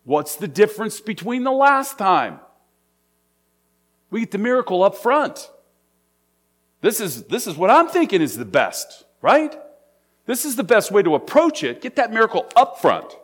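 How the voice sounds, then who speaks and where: A man's voice: high-pitched, sing-song, normal speed, pauses often. A man preaching a sermon in a conversational, storytelling way. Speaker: pastor.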